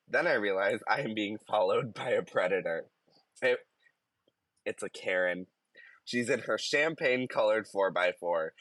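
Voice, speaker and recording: Male podcast co-host, deep-ish voice, dry recording, reads stories while breaking into laughter. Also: fairly bright tone, dry recording. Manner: giggly, laughs mid-sentence while reading. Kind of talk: casual chat, reading stories aloud.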